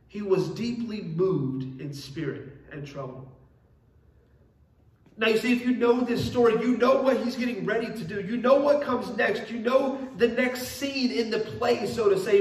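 A man's voice: sits high, a little mellow. A young man preaching a sermon as pastor, earnest and repeating key phrases for emphasis. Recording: echoey room, mic at a distance.

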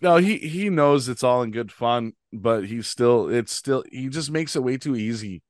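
A man's voice: mid-range voice, expressive, normal speed, dry recording, studio quality. A man hosting a podcast, telling a rambling road story in casual chat, laughing often and restarting his sentences. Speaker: podcast host.

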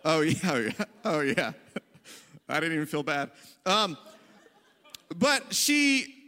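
A man's voice: fairly high pitch, sing-song, slow pace, bright, forceful tone. A male pastor tells a self-deprecating story in a casual, joking sermon to his congregation. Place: church hall. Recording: long reverb of a large hall.

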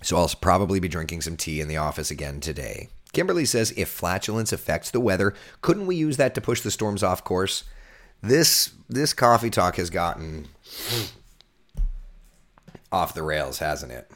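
Hoarse man, very deep voice, chatty meteorologist, casual live stream. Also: lively intonation, normal speed, fairly bright tone. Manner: chatty, jokey, reads out viewer comments. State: hoarse, voice recovering. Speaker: TV meteorologist hosting a live chat. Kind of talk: casual live-stream chat reading viewer comments.

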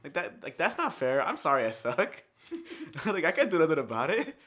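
Animated, joking podcast co-host. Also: male voice, a little high, normal speed. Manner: joking, swears, trails off. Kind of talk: casual podcast chat.

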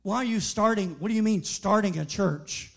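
A preacher delivering an emphatic sermon in a church, telling stories and building to bold declarations. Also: male voice, sits high, normal speed, vocal fry, a bit bright. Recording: sermon over background music.

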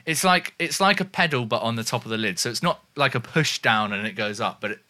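A man co-hosting a casual chat, animated and quick to laugh, swearing freely. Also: mid-range voice. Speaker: podcast co-host. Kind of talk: casual banter.

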